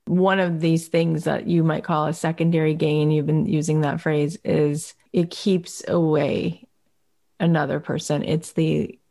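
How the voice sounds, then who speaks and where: A woman's voice: low voice, little pitch movement, unhurried, creaky, mellow. A woman hosting a podcast who tells personal stories openly and emotionally, with many fillers like "like" and "you know". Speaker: podcast host. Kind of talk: podcast conversation.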